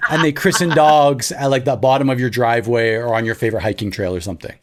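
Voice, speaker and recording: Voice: medium pitch, steady tone, fast. A podcast co-host in a casual chat who talks in an easygoing, playful way, with many hesitant fillers.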